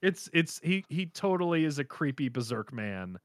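A man co-hosting a casual chat, animated and laughing often as he acts out characters' lines. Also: on the high side, unhurried, dry recording. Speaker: podcast co-host reacting to an anime episode.

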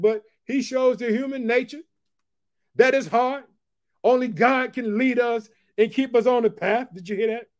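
A man giving a casual late-night Bible teaching. He preaches with fervor, keeps asking his listeners whether they heard, and reads the scripture verses slowly and deliberately. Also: extremely high pitch.

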